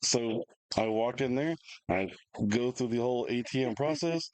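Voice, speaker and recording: A man, co-hosting a casual chat, telling an animated, rambling story with restarts and laughs. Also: mid-range voice, normal speed, no room sound, rough recording. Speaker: podcast co-host.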